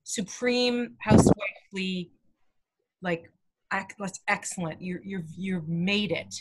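A woman's voice: medium pitch, takes it slowly. A woman co-hosting a casual podcast chat, playful and teasing, laughing easily. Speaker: podcast co-host.

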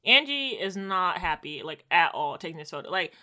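A woman casually recapping a TV episode as podcast co-host, slangy and expressive, voicing characters' quotes. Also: lowish voice, normal speed.

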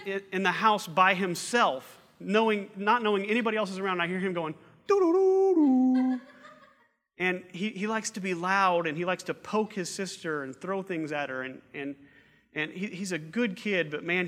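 A middle-aged man preaching a sermon, earnest and fond of repeating phrases for emphasis. His voice sits a little high and bright. It rings out with a long reverb of a large hall. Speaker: pastor.

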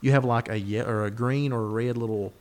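A man's voice: mid-range voice, fairly even intonation, brisk, darkish tone. A man from the co-hosting a podcast, telling a rambling story with swearing in casual chat. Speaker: podcast co-host.

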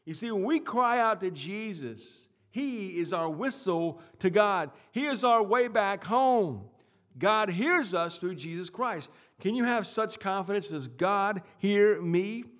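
Male pastor, sermon delivery, voice a touch high, emphatic, repeats himself. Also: animated. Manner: emphatic preaching with swings in loudness and pauses; repeats words and restarts phrases.

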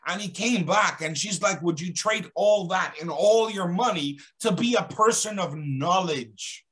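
A man telling a religious story as a guest speaker, animated and dramatic, building emphasis as he goes. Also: sits high, unhurried. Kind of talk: storytelling in an Islamic talk.

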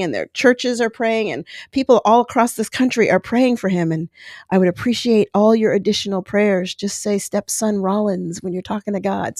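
A woman's voice: mid-range voice, darkish tone, no room sound, studio quality. A woman in her forties hosting a podcast, speaking candidly and emotionally in a personal monologue. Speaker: podcast host.

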